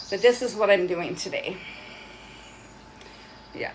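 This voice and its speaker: Casual woman vlogger, mid-pitched, chatty and rambling, live demo at home on a phone. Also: a little slow, long pauses, a little hiss or hum, poor audio. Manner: chatty, rambling, self-mocking.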